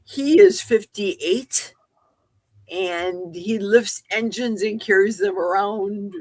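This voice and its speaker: A woman's voice: mid-range voice, slow, a little mellow, dry recording. A woman in her sixties talks candidly in an easygoing podcast chat. She relays what viewers are saying and shares her own experience. Her voice sits mid-range, recorded close and dry. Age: 60s. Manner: candid, reads chat comments aloud. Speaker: podcast co-host. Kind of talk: casual chat.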